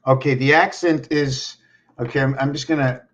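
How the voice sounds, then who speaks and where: A man vlogging from home, talking in a meandering monologue full of pauses and restarts. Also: medium pitch, fairly even intonation, fairly bright tone. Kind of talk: rambling monologue to camera. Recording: dull lo-fi recording.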